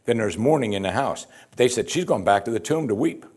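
A man's voice: mid-range voice, expressive, brisk, a little mellow, slightly rough. A man preaching a sermon, reading scripture and explaining it with rhetorical questions and repeated "you see". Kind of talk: sermon, verse-by-verse Bible teaching.

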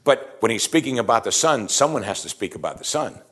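A man preaching a sermon, animated, acting out the quoted lines and chuckling as he explains. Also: medium pitch, brisk.

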